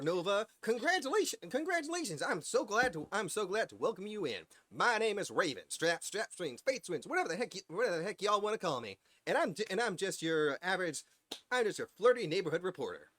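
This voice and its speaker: Guy doing a hammy flirty reporter dude, goofy fake southern drawl, way higher and louder than his own voice. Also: no echo. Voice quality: exaggerated mock southern drawl. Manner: hammy, drawn-out greetings. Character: flirty folksy male neighborhood reporter.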